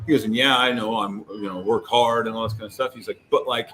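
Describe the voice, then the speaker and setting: A man's voice: fairly low pitch, fast. Guy rambling thru a story on a podcast, um like a lot, bit of background hiss. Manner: rambling, animated storytelling with many fillers. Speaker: co-host. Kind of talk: casual chat.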